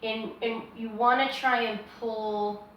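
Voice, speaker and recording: A woman giving a step-by-step drawing lesson, talking in a relaxed, reassuring way as she draws and thinks aloud. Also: a little high, slow, far from the mic, highs cut off, slight background noise. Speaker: art teacher. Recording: very echoey room, voice from off-mic.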